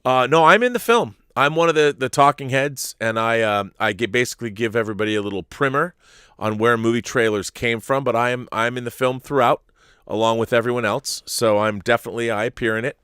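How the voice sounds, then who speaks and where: A man's voice: medium pitch, a little fast, a bit bright, clean tone, no echo, clean studio sound. A man hosting a live-streamed talk show, chatting casually to viewers in a rambling, stop-start way at a desk mic.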